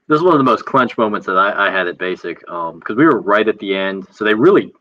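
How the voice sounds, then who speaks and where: A man who is a military veteran, telling a story in casual chat and acting out the shouted lines he quotes. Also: on the low side, fast talker, no room sound. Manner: animated, acts out quoted shouts. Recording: dull lo-fi audio.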